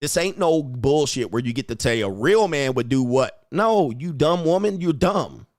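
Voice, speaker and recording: A man hosting a livestream, talking bluntly and crudely in a lecturing way and acting out quoted women in a higher voice. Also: lively intonation, moderate pace, a little mellow, dry recording, studio quality. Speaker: host. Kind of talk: livestream commentary.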